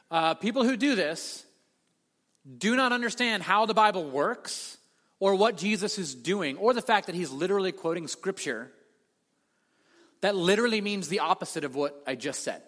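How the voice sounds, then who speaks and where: Pastor guy giving a sermon, fairly high voice, big echoey church hall. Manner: animated storytelling, acts out quoted voices. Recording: long hall reverb.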